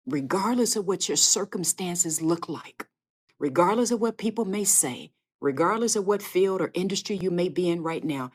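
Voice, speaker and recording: Her voice sits on the low side, with lively intonation and normal speed. This podcast host and faith speaker gives a live inspirational sermon, talking straight to listeners with earnest, fervent emphasis and repeated phrases.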